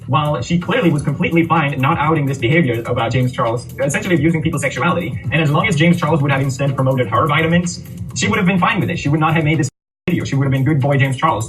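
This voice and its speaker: A man's voice: on the high side, fairly bright tone, distant mic, rough recording. A man giving blunt, critical opinion commentary with a sarcastic edge. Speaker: online commentator.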